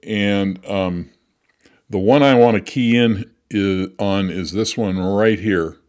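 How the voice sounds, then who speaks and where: A middle-aged man hosting an interview, asking questions in a thoughtful, measured way. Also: lowish voice, darkish tone, clean tone. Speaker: host.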